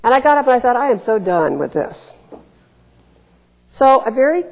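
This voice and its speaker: A woman's voice: a little high, very animated, moderate pace, gravelly, long pauses. A woman in her forties from Ohio, telling candid, wry stories at a public talk. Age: 40s. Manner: candid, wry storytelling with emphatic quoted asides. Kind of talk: storytelling talk. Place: lecture hall. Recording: reverberant lecture hall.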